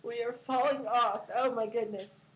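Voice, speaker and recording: A woman's voice: fairly high pitch, steady tone, measured pace, poor audio. A woman hosting a casual live stream, giggly and full of fillers. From California.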